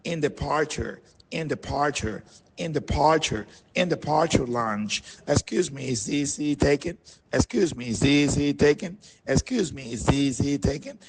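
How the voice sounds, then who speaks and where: Slow husky man. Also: on the high side, lively intonation. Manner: slow, deliberate, repeats words for practice. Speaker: English teacher. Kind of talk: reading a language drill.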